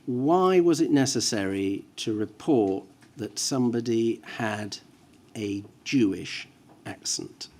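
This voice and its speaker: A man questioning a witness at a formal hearing, measured and careful, reading out references with hesitant fillers. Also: mid-range voice, a little mellow. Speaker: inquiry counsel. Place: inquiry hearing room.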